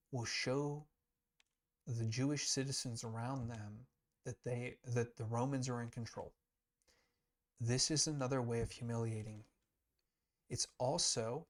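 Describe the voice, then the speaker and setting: Earnest male Bible teacher. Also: medium pitch. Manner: earnest, emphatic, thinks aloud with restarts. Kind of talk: casual explanatory teaching.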